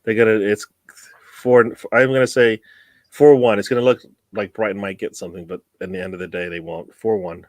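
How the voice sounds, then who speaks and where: A man on a football fan panel, chatty and animated when he calls his picks. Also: lowish voice, a little fast, dry recording. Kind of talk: casual chat among football fans.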